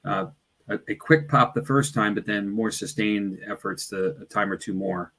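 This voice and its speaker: A man's voice: fairly low pitch, moderate pace, a bit bright. A man who investigates the paranormal, recounting his night in a hesitant, casual way with frequent restarts. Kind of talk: casual podcast chat.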